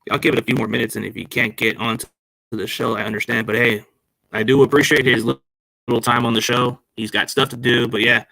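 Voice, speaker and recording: A man with a medium-pitched, creaky voice talks fast and level, his tone sharp in a dry recording. He's hosting a sports podcast through a laptop microphone, chatting casually, rambling in slang and calling the audience "dude" and "man."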